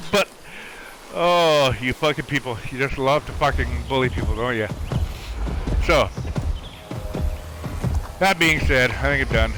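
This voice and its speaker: A man's voice: medium pitch, animated, measured pace, pauses often, low-quality recording. A man ranting on a livestream, exasperated and profane while talking over his gameplay.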